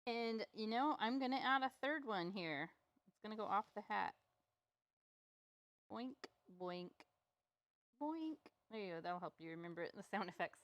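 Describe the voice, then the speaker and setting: A woman's voice: medium pitch, quick pace, fairly bright tone, no echo, dull audio. Chatty woman teaching a painting class. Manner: chatty, playful and self-deprecating. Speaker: painting instructor. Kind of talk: step-by-step live art tutorial.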